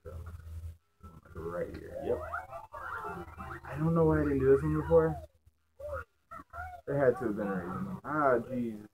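A young man talks over his own gameplay with a somewhat low voice. He swears constantly, cracks self-mocking jokes and gets easily frustrated with the game. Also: darkish tone, low-quality recording. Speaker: let's play gamer. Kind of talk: casual gameplay commentary.

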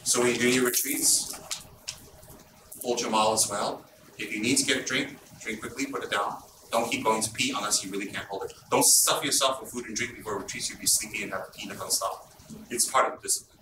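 A man giving an informal Buddhist teaching, telling stories in an animated, blunt and teasing way. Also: lowish voice, a little fast. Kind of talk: informal dharma talk. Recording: roomy, distant mic, background noise.

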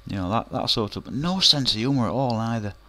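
A man's voice: medium pitch, lively intonation, brisk, sharp tone. A man telling a comic anecdote, rambling and colloquial with many fillers. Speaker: storyteller.

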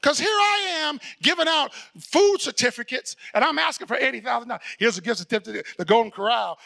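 High-pitched gravelly preacher guy telling stories, bright sharp voice, shouts the big points. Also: a little fast, hardly any pauses. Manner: storytelling preacher acting out dialogue, shouting for emphasis. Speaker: pastor. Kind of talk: sermon.

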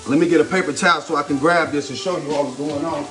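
A slightly high-voiced man keeps a steady tone at a quick pace as he hosts his own cooking demo, cheerfully narrating each stage and working his go-to catchphrase in while at the stove. He's far from the mic, the kitchen echoes, and music plays over frying sizzle.

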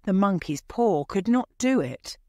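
A woman narrating a story for English learners in a slow, clear, measured reading. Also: medium pitch, animated, mellow, dry recording, clean studio sound.

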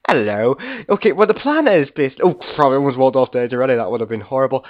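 A man hosting a casual game commentary, slightly hoarse from being sick, rambling and chatty as he talks to viewers and fellow players. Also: mid-range voice, animated, very fast, highs cut off. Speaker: gaming video host.

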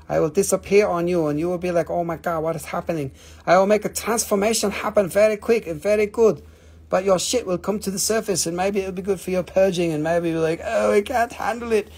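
A man's voice: sits high, darkish tone, husky. A man voicing a meddling talking Moldavite stone.

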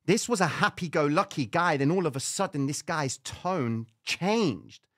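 Man, live-stream host, dramatic storytelling, swooping lively pitch, dry close sound. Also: measured pace, no echo. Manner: animated, dramatic storytelling with slang. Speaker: trading show host.

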